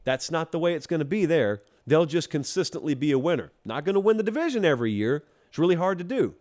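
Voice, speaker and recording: A man's voice: on the high side, fast talker. Man hosting a football talk monologue. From Georgia. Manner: animated, teasing, talks straight to the fans. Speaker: college football show host. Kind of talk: casual opinion monologue.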